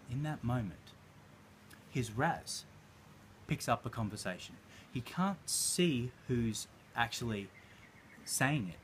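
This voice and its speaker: A man's voice: medium pitch, fairly bright tone, a little hiss or hum. A man coaching, telling a story and speaking directly to listeners in an emphatic way. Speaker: life coach. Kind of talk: motivational coaching talk.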